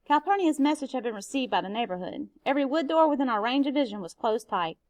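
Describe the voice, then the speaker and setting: A woman, a teacher, reading a novel aloud in a steady, expressive way. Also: high-pitched, fast, no room sound.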